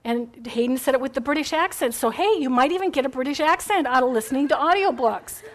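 A woman's voice: sits high, animated, fast. A middle-aged woman giving a chatty, rambling faith talk to a group, encouraging and full of asides.

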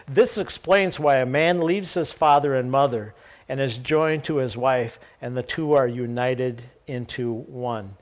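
A man's voice: mid-range voice, normal speed. A man preaching a sermon, reading scripture aloud and then explaining it casually with jokes and asides to the congregation. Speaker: pastor.

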